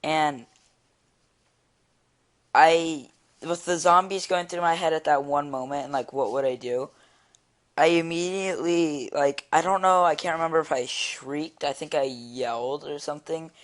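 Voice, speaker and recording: A teenage boy telling a story in a casual vlog, rambling and excitable, with many fillers. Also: fairly high pitch, measured pace. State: eating while talking. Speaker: vlogger. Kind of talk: casual storytelling while drawing.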